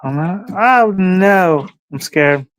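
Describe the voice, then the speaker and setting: The speaker, a livestream host, has a high voice with lively intonation and a slow pace, heard in a dry recording. He rambles casually and thinks aloud, chatting with his dog between thoughts.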